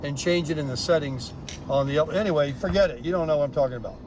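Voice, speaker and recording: A man's voice: fairly high pitch, fast, noisy background. A man casually vlogging while driving in his car, offhand and rambling. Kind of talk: casual vlog talk.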